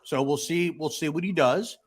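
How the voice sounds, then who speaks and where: A man co-hosting a casual sports podcast, giving blunt, measured opinions. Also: on the high side, husky. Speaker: podcast co-host.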